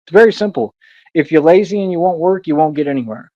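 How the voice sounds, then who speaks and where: A man with a slightly higher-than-average voice rambles through a livestream monologue, boastful and preachy, lecturing his viewers. The audio is dull and lo-fi, with a dry, close sound and no room echo. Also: lively intonation, fast talker, darkish tone. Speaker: livestream host.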